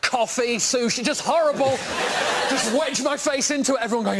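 High-voiced self-deprecating male comic. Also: normal speed. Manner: self-deprecating, rising to shouts in punchlines. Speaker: comedian guest. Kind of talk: stand-up routine. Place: TV studio with audience. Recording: loud background noise.

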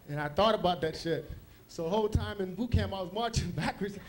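High-voiced man doing stand-up. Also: brisk. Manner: loose, rambling storytelling with asides. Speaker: stand-up comedian. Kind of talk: stand-up comedy set. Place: comedy club stage.

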